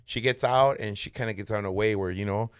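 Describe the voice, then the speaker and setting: A man's voice: lowish voice, fast talker, clear, resonant tone, dry recording, studio quality. A man casually telling a story on a podcast, acting out the quoted lines with sudden jumps in his voice. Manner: animated, acts out quotes in raised voice. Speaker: podcast guest.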